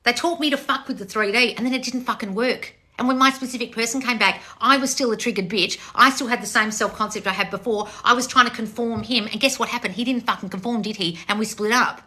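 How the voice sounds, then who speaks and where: A woman's voice: a little high, fast, hardly any pauses, pushed and bright. A woman, a manifestation coach scolding her viewers bluntly with plenty of swearing. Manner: profane, blunt, exasperated tough-love scolding. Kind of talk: blunt livestream chat reading comments.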